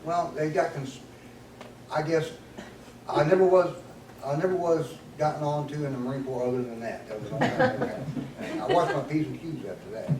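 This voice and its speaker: A man's voice: a little high, fairly quick. An older man telling a folksy military story to an audience with a laugh. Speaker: guest speaker. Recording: echoey hall, mic at a distance, noisy.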